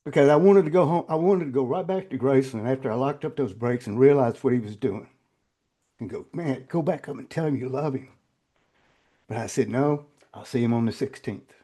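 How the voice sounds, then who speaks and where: An older man recounts personal memories as an interview guest. His voice is mellow and warm, sitting at a middling pitch. He halts, repeats words and restarts, and turns quiet and choked when the stories get emotional.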